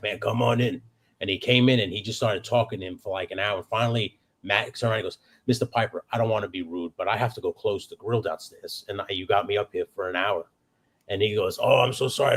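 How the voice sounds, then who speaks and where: A man's voice: lowish voice, breathy edge. A man chatting casually on a hangout stream, telling stories with loose swearing and restarts. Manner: swearing storyteller, lots of restarts. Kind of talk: casual chat.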